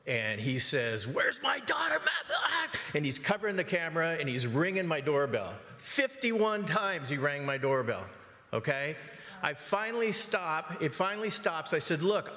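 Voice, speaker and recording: A man's voice: a little high, animated, moderate pace, bright, forceful tone. A man speaking as a resident in public comment at a council meeting, telling an upsetting story in an agitated, emphatic way and often asking "okay?". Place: council chamber. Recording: long hall reverb in a council chamber.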